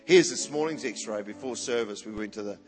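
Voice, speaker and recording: A man voicing a mother, amazed, as she shows an x-ray, speaking more quietly. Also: on the low side, brisk, voice pushed down, close to an everyday voice. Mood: hushed amazed. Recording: reverberant hall with faint music.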